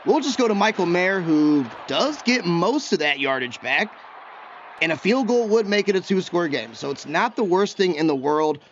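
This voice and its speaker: High-voiced chatty man commenting on gameplay. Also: moderate pace, dull audio, a little hiss or hum. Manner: chatty, excitable, talks to himself while he plays. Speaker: gaming YouTuber.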